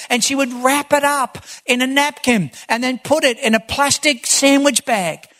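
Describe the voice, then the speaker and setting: A male pastor preaching a sermon, telling stories and building to shouted emphasis. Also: very high-pitched, moderate pace, few pauses. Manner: preaching with rising, shouted emphasis and storytelling asides.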